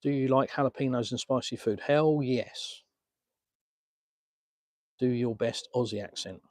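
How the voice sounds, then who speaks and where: A man's voice: mid-range voice, fairly even intonation, fairly quick, no echo. An Englishman casually answering viewer comments on a live stream from a beach, filmed on a phone. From England. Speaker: vlogger answering live chat. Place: outdoors on a beach.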